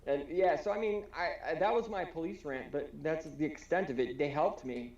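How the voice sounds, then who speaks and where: Guy rambling thru a story on a podcast, kinda high voice, echoey room, a bit dull sounding. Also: moderate pace. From Wisconsin, USA. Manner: rambling, animated, swears freely, acts out quotes. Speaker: podcast co-host. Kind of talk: casual conversation, storytelling. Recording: roomy, slightly dull home recording.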